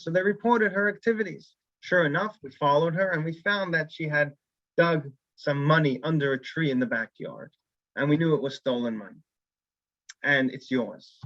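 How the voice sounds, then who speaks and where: Animated rabbi telling a story. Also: male voice, fairly high pitch, no room sound, muffled recording. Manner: animated storyteller who acts out characters' lines. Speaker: rabbi teaching a weekly class. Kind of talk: storytelling Torah class.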